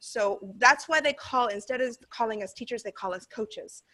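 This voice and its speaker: American woman talking teachers thru a trial class, chatty and relaxed, lots of ums. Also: fairly high pitch, normal speed. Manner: chatty, explaining with fillers. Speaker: teacher trainer. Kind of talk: casual training talk over a video.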